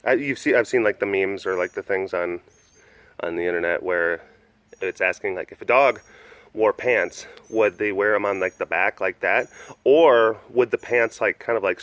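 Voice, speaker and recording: A man's voice: sits low, moderate pace, a bit bright, dry recording. A man hosting a casual outdoor webcast at a big cat compound, chatting and cooing affectionate baby talk at the cats. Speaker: animal sanctuary webcast host. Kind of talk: casual walking vlog.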